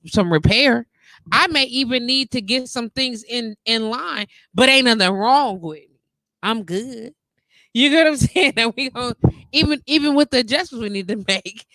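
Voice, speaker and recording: Female live-show host, fairly high pitch, lively and talkative. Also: no echo. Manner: animated, repeats "you get what I'm saying". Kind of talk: casual live-stream chat.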